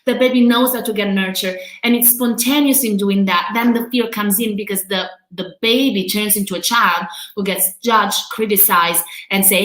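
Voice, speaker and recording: A woman's voice: mid-range voice, steady tone, moderate pace, hardly any pauses, a bit bright, reverberant, low-quality recording. A woman with an accent hosting a live motivational coaching stream from home, talking candidly and emotionally and laughing often. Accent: non-native accent. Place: at home during quarantine.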